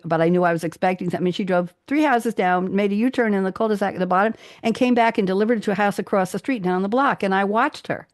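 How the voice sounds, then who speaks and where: A woman hosting a radio talk show, chatting with guests in a lively, storytelling way. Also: medium pitch, dry recording, studio quality. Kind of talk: casual radio chat. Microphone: studio microphone.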